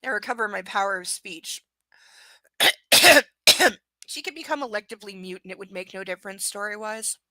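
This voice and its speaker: A woman's voice: mid-range voice, moderate pace, pushed and bright, slight background noise, poor audio. A woman reading a novel aloud live, breaking off into sarcastic, swearing asides.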